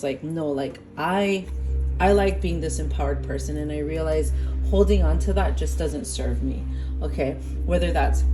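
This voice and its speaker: A woman's voice: on the low side, low-quality recording. A young woman giving a casual tarot reading, chatty, filling her talk with "like" and checking in with "okay?". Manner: chatty, lots of "like" and "okay?", laughs and apologizes. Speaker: tarot reader. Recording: music playing behind voice.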